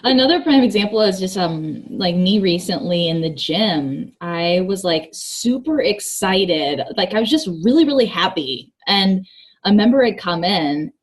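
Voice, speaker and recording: A woman guest speaking in a relaxed, reflective way during a casual conversation. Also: medium pitch, breathy edge. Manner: slow, reflective, thoughtful. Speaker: guest, gym worker.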